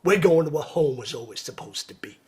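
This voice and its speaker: A man playing a male army commander in a Deep South accent, giving a loud, stirring, solemn speech to his troops. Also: expressive, a little fast, lightly acted. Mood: rousing.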